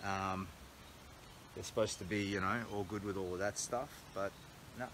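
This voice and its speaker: A man's voice: sits low, fairly even intonation, moderate pace, background noise. An Australian man talking candidly and a bit ramblingly on a casual livestream vlog from a small cabin. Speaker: charity walker livestreaming. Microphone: earbud mic, then phone mic.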